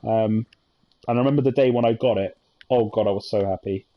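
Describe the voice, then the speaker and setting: A man's voice: on the low side, fairly quick, muffled recording. A man, chatting casually and reminiscing over gameplay with many fillers and asides. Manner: rambling, nostalgic storytelling with many fillers. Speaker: gaming channel host.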